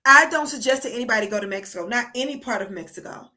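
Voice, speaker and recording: A woman's voice: a little high, expressive, fast, sharp tone. A woman from the United States hosting a livestream, delivering a profane, heated and emphatic casual rant. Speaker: streamer host.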